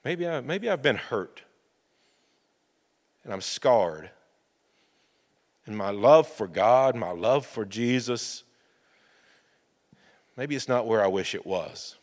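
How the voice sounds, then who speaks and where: A man preaching a sermon in a church, in a slow, measured, reflective way. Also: medium pitch, lively intonation. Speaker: pastor. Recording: long reverb of a church hall.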